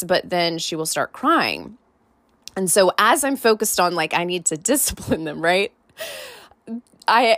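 A woman's voice: medium pitch, a bit bright, dry recording. A woman podcast host and life coach, telling a personal story in a casual, candid way, full of "like" and "right?".

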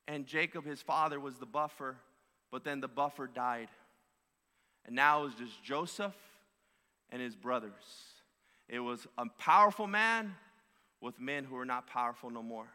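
A man's voice: mid-range voice, normal speed, pushed and bright. A male pastor preaching a sermon with emphatic, repeated phrases. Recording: long hall reverb.

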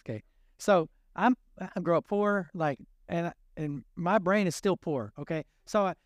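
High-voiced preacher, lively and clear. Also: male voice, no room sound, studio quality. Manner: humorous, self-deprecating, acts out dialogue; animated, shifting pace. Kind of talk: storytelling sermon.

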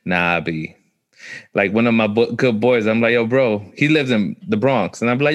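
A man's voice: fairly low pitch, normal speed. A man with a New York accent, chatting casually and telling stories in laid-back street slang. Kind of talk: casual chat.

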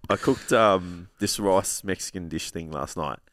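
A man's voice: low voice, unhurried, a bit bright, dry recording. A man co-hosting a podcast in casual chat, blunt and opinionated, teasing his friend. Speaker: podcast co-host.

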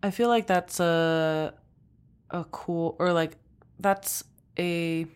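A young woman co-hosting a casual podcast who cracks deadpan jokes and swears now and then. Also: on the low side, takes it slowly, clean tone. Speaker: podcast co-host. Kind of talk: casual chat.

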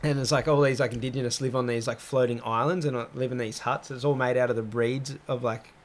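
A young man chats on a podcast in an easy, mid-pitched voice. He tells stories with lots of "like" and jumps up high when he acts out what his mates said. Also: fast talker. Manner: animated storyteller, heavy use of "like", acts out quotes with rising pitch. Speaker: podcast host. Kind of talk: casual chat.

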